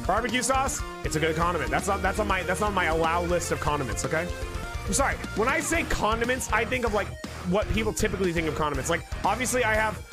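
A man streaming live, ranting with emphasis and mock outrage, swearing often. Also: sits high.

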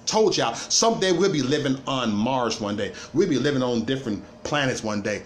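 A man ranting through a livestream monologue. His pitch swings widely as he hammers points home and stammers over restarts. A faint hiss of noise sits under the voice. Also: expressive, a little fast, hardly any pauses. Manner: emphatic, repetitive, stammering restarts. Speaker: livestream host.

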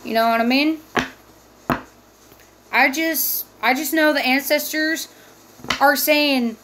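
A high-voiced woman gives a spiritual tarot reading in a slow, deliberate delivery. She is heated and profane, and she stresses every claim. A faint noise sits under her voice. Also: fairly bright tone. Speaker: tarot reader.

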